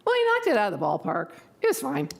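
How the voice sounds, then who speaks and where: A woman's voice: high voice, quick pace, vocal fry. Rambling, chatty older woman at a public meeting. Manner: rambling, chatty, self-deprecating, with animated quoted asides. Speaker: county board member. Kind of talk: informal tribute speech.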